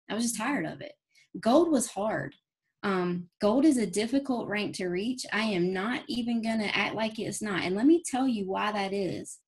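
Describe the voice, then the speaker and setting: A woman speaks on a team call. She gives a folksy, earnest pep talk, moving quickly from point to point. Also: medium pitch. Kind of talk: motivational talk. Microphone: phone or call audio.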